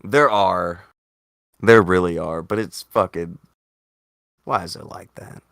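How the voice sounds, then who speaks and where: A man hosting a casual talk show, animated and swearing, his voice jumping up when he argues. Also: takes it slowly, vocal fry, dry recording, studio quality. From Indiana. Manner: animated, swearing, jumps up in pitch when arguing. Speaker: podcast host. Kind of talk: casual chat.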